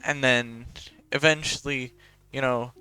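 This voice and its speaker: A man's voice: mid-range voice, steady tone, slow, pushed and bright, smooth. A young man, talking in a casual, rambling and profane way as a podcast host.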